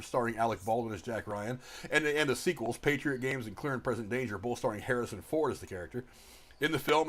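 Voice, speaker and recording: Male podcast host, quick delivery, chatty, with loose restarts. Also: mid-range voice, fairly bright tone. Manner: chatty, laughs easily, many restarts. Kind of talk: casual movie review chat.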